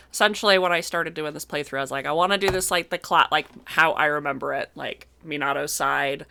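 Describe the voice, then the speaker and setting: A woman's voice: sits low, vocal fry, pushed and bright, smooth. A young woman streamer talking casually and effusively over a video game, with many fillers and restarts.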